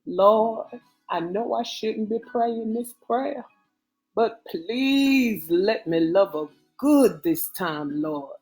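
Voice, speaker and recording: A woman's voice: mid-range voice, animated, takes it slowly, a little mellow, faint music behind. A woman reading a romance audiobook, voicing a grown man lover who pleads and prays with heavy emotion. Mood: prayerful. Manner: emotional, pleading, breaking into cries.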